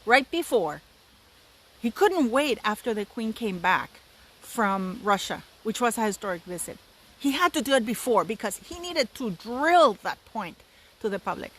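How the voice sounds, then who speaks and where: A woman's voice: on the high side, sing-song, normal speed, a bit bright, rough recording. A woman in her fifties hosting a solo commentary channel, talking in an emphatic, indignant way and repeating words for stress. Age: 50s.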